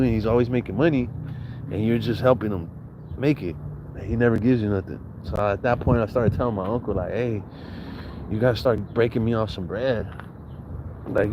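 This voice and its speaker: A man's voice: fairly low pitch, darkish tone, slight background noise, poor audio. A young adult man casually telling a personal story, swearing often, laughing and acting out the voices of the people he quotes.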